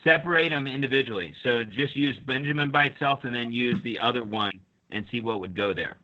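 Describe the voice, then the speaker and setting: A man's voice: mid-range voice, fairly quick, sharp tone, lo-fi sound. A man teaching an online grammar class, explaining step by step and calling on students.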